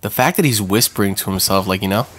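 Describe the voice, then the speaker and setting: A man hosting a gaming channel, giving excitable let's-play commentary with swearing and jumpy reactions. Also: fairly low pitch, quick pace.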